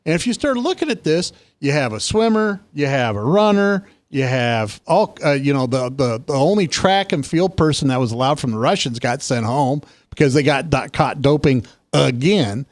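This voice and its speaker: A man co-hosting a casual political talk show tells stories with lively emphasis and animated delivery, his pitch jumping quickly. There is no room sound.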